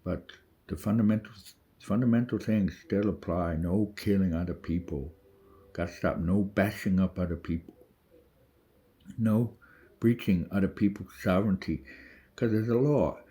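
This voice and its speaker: A man's voice: deep voice, normal speed, dark tone, slightly rough. A man delivering a rambling, urgent spiritual monologue to camera, full of swearing and restarts. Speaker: vlogger. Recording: dull lo-fi audio.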